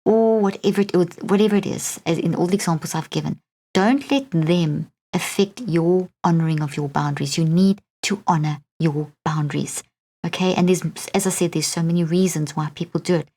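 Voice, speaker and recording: A warm, fairly low voice at normal speed belongs to a middle-aged South African woman hosting a solo podcast. She talks earnestly, like a coach, and regularly checks in with "okay?".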